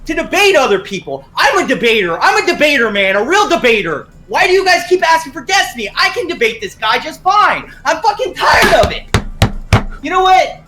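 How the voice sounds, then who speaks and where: A man's voice: extremely high pitch, background noise, pitched above the performer's own voice. A man playing a self-important male debate streamer who rants indignantly at his chat. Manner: indignant, boastful rant at chat.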